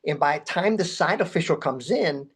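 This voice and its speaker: Animated storytelling man. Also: normal speed, breathy edge. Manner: animated storyteller, acts out quotes with rising pitch. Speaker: guest, memorabilia collector. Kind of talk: storytelling interview.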